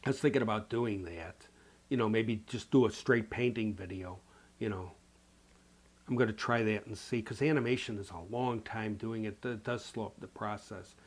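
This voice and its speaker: A man's voice: on the low side, moderate pace. A man from the Chicago area with a Chicago accent, chatting casually as a painting instructor, rambling and folksy with lots of "you know", while nursing a cold. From Chicago area, USA. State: has a cold. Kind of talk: casual chat answering viewer comments.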